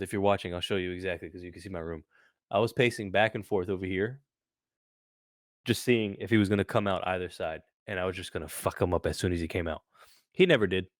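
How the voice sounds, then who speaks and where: A young man co-hosting a podcast, telling animated stories in casual chat and swearing often. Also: deep voice, dry recording, clean studio sound. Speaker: podcast co-host.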